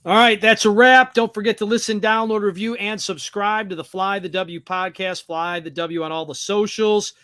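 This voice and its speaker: A man hosting a sports podcast in casual chat, brisk as he wraps up the show. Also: high voice, fairly even intonation, sharp tone, dry recording, clean studio sound. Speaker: podcast host.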